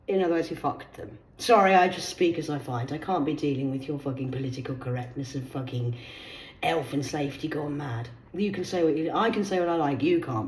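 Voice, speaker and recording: A woman's voice: mid-range voice, a little mellow. Swearing woman vlogger in an echoey room. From United Kingdom. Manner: swears a lot, drops into whispers, laughs between stories. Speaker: vlogger reading news stories. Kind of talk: casual news commentary.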